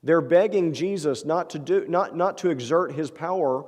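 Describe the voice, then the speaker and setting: A man preaches in a church sanctuary, his fairly high voice soft and mellow. He talks earnestly and conversationally, tossing rhetorical questions to the congregation, and his words trail off into a long church-hall reverb. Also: moderate pace. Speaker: pastor. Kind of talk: sermon.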